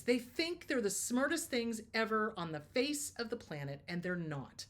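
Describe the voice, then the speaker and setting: A middle-aged woman therapist speaking casually to her viewers in an emphatic, no-nonsense way. Her voice sits at an ordinary medium pitch. She tells stories lively and punches key words. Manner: emphatic, lively storytelling with laughs and mock quotes. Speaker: therapist hosting a Q&A show. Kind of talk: casual advice talk.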